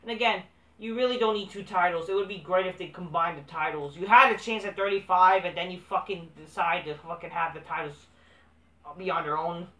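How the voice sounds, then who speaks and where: A man's voice: sits high, brisk, bright, forceful tone, recorded from a distance. A man recapping a wrestling show in a casual, profane, dismissive way, swearing constantly. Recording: echoey room, off-mic.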